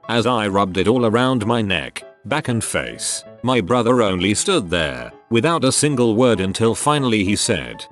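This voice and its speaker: Lively lower-voiced male story narrator. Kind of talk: scripted narration of online stories.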